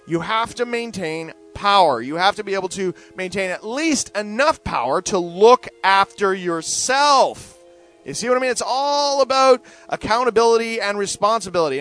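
A man hosts his podcast alone, still getting over a cold. His voice sits high and swings widely in pitch as he rants. His profane, opinionated talk is broken up by mocking impressions of other people. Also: fairly bright tone. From Canada. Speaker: podcast host. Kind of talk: rambling solo monologue.

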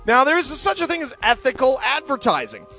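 A man's voice: very high-pitched, huge pitch swings, brisk, sharp tone, soft background music. A man hosting a podcast, ranting in a profane, opinionated solo monologue while getting over a cold. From Canada. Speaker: podcast host.

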